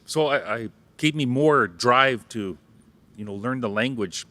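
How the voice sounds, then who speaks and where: Bright-voiced man teaching playfully. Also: mid-range voice, unhurried. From Saskatchewan, Canada. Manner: playful, jokes, leads audience call-and-response. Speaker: Cree language teacher and ceremonial helper. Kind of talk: interactive public talk teaching words.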